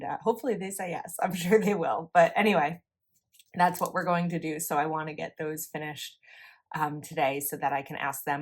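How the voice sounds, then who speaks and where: A young woman, chatting casually and rambling a little as she talks through her planner. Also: deep voice. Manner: chatty, rambling, self-correcting. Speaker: planner vlogger. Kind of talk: casual voice-over while planning.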